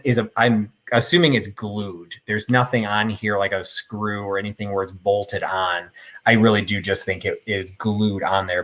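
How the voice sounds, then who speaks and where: A man's voice: on the low side, a bit bright. A man in his fifties from the Chicago suburbs with a Midwestern accent, hosting a live vintage sale with joking, rambling, self-deprecating chat. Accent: Midwestern American. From suburbs of Chicago, Northern Illinois.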